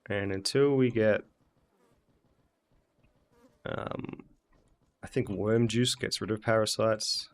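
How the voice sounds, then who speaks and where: A man's voice: fairly low pitch, takes it slowly, long pauses. An Australian man streaming a game, muttering and thinking aloud as he plays in casual commentary.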